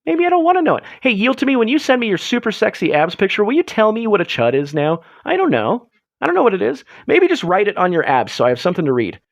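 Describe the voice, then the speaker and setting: A man's voice: huge pitch swings, quick pace, vocal fry, no room sound, highs cut off. A young man hosting a late-night solo livestream, rambling and joking with his chat in a self-mocking way. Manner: rambling, self-mocking, jokey, swings his pitch up and down a lot. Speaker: livestream host.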